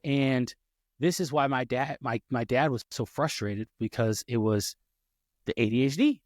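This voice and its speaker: A man co-hosting a podcast tells a long story in loose, casual talk at a mid pitch. He slips into other people's voices as he goes and often backs up to restart a sentence. The sound is dry and close, with no room echo. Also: a little slow. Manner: animated, acts out quoted voices, many restarts. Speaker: podcast co-host.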